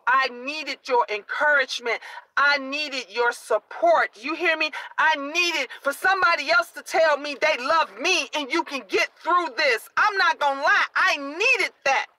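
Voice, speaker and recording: A middle-aged woman live-streaming to her viewers, excited and preachy, urging them to keep praying. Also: high-pitched, no room sound, poor audio. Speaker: vlogger.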